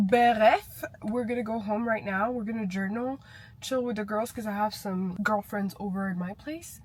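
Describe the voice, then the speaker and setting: A woman's voice: medium pitch, fairly quick, slight background noise. A young woman, chatting animatedly in a casual vlog and telling stories as she walks outdoors in a city. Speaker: vlogger.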